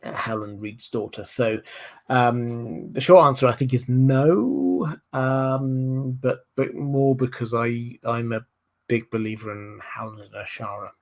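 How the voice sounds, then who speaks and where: A man with a Southern English accent hosts a livestream and answers viewer questions at an unhurried pace. He thinks aloud, with plenty of ums and uhs between his points. His voice sits at an ordinary middle pitch. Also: gravelly. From Hampshire, England. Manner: thoughtful, hesitant, many ums and uhs. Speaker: livestream host.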